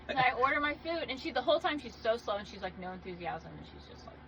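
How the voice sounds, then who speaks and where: Chatty woman telling animated stories. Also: a little high, fairly quick. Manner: animated storytelling, laughs often. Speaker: podcast guest. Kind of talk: casual chat. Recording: dull lo-fi sound with clear background noise.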